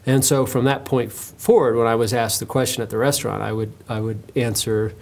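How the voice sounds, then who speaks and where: An American man, an author, talking about himself in an interview, telling stories in a relaxed, self-mocking way with fillers. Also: medium pitch, a little fast, hardly any pauses. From United States. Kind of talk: interview monologue, telling anecdotes.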